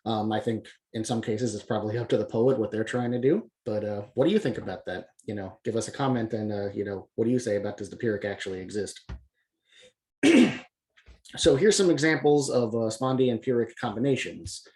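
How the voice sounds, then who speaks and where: A man's voice: fairly low pitch, brisk. A man teaching poetic meter in a casual video lesson, talking loosely with lots of filler words. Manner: relaxed, many filler words, loose and unscripted. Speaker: poetry press publisher teaching poetic meter.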